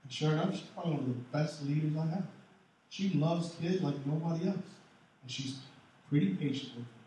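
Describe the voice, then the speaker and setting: A man preaching a sermon as pastor, animated, swinging between loud and soft. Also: fairly high pitch, brisk. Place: large church hall. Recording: echoey hall, mic far off.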